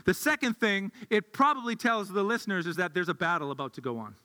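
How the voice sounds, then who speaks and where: Male pastor, high-pitched, bright voice; chatty sermon with restarts in a reverberant hall. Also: fast talker. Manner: conversational, thinks aloud with restarts.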